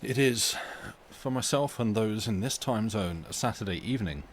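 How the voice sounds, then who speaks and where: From home, a man with a fairly low voice reads stories aloud to his live-stream viewers, chatting casually, rambling, and cutting himself off as he goes. He's expressive and keeps a moderate pace, with a faint hum beneath the recording.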